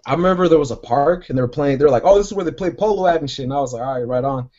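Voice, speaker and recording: A podcast co-host with a slightly high, mellow voice talks in an animated, rapid-fire way, recorded with dull audio. In casual chat, he tells a long, rambling story packed with profanity.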